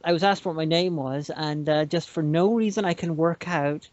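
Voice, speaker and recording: A woman co-hosting a podcast, speaking in a halting, stammering way in casual chat. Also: low-pitched, a little mellow. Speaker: podcast co-host. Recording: dry, dull lo-fi audio.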